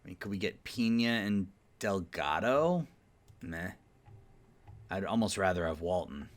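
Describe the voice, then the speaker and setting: Here the man's voice sits on the low side with a slightly bright quality. Casually narrating his baseball management sim for his channel, he thinks out loud, yawns at times from sleepiness, and mutters trade considerations at the game's teams.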